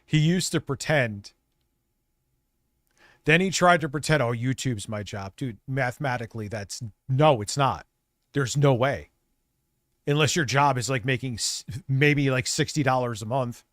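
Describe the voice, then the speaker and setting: A man's voice: medium pitch, a little slow, pauses often, no echo, clean studio sound. Profane rambling streamer man. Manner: profane, rambling, reacts loudly. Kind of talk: casual live-stream commentary.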